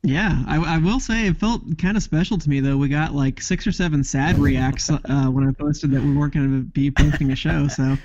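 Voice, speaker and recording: A man's voice: a little high, fairly quick, hardly any pauses, a little mellow, lo-fi sound, a little hiss or hum. A man co-hosting a podcast in casual chat, talking things through with dry, sarcastic humor. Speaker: podcast co-host.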